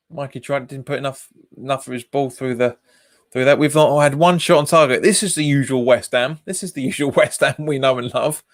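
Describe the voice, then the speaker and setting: A man's voice: mid-range voice, dry recording, clean studio sound. A man hosting a live football watch-along stream, reacting to the match, reading out viewer comments and laughing often. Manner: reads viewer comments aloud and answers them, laughs often. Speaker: fan channel host.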